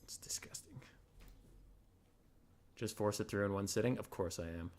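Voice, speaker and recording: A man's voice: lowish voice, fast talker, a little mellow, slight background noise. A man hosting a game tournament on a late-night home stream, tired but chatty, swearing casually. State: sleepy. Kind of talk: casual live-stream chat. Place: home at his desk at night.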